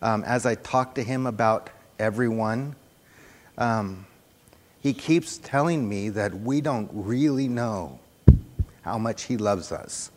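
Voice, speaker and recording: Preacher, male, slow and earnest, repeats lines for weight; miked in a church hall with long reverb. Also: lowish voice. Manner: soft-spoken, earnest, repeats phrases for emphasis. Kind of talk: sermon. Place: church hall with sound system. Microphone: handheld or stand microphone on a PA.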